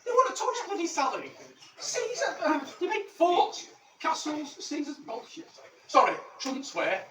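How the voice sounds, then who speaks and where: A man's voice: very high-pitched, huge pitch swings, measured pace, crowd noise, full character voice. Man doing a crude rambling Roman soldier. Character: cheeky ancient Roman soldier living in Manchester. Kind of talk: character stand-up monologue. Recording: echoey, distant mic, background noise.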